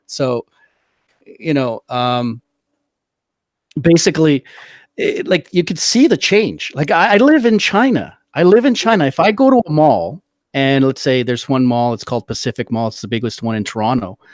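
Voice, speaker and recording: A man's voice: mid-range voice, expressive, normal speed, no room sound. A middle-aged man hosting a casual political chat, rambling and swearing heatedly as he tells stories. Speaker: podcast host.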